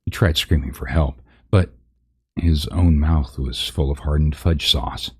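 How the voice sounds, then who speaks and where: A man's voice: rumbling low, a little slow, husky. A man reading a parody fantasy story aloud on a live stream, chatting with viewers and laughing at his own slips.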